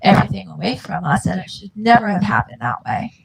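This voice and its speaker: A middle-aged mother, appearing as a guest, tells her family's story in an earnest, impassioned way, acting out the dialogue. Her medium-pitched voice is fast, husky, and full of vocal fry, with big pitch swings. The audio is poor.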